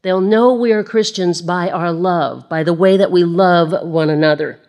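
A woman from Illinois teaching a sermon in a slightly low voice. She talks in a chatty way with self-deprecating asides and slows down when she reads scripture. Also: a little mellow. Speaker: Bible teacher.

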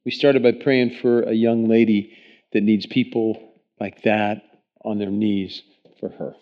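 A man's voice: on the low side, level tone, unhurried. A man, the pastor, thanks the speaker and urges the congregation to pray. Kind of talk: sermon. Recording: dull, muffled sound.

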